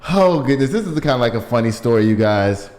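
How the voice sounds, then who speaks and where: A man's voice: medium pitch, fairly quick. A man hosting a casual news show, reading stories and riffing on them with lots of laughter. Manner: animated, laughing, riffs on stories.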